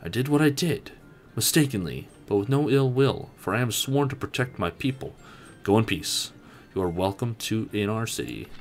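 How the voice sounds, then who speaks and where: A man voicing a stern male guard captain who speaks in stiff, formal, old-fashioned lines, a bit lower than his own voice. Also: animated, normal speed, soft background music.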